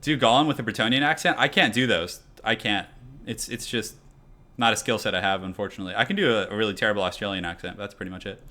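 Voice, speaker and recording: A man's voice: lowish voice, fast talker, pushed and bright. A young man casually commenting on his live game stream, chatting loosely and answering chat as he goes. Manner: chatty, reads chat aloud, many fillers.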